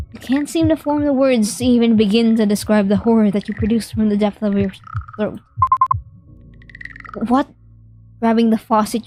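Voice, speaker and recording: A woman's voice: mid-range voice, a little mellow, rough recording. A young woman streamer reading a horror game aloud in vivid, dramatic narration. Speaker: gaming streamer.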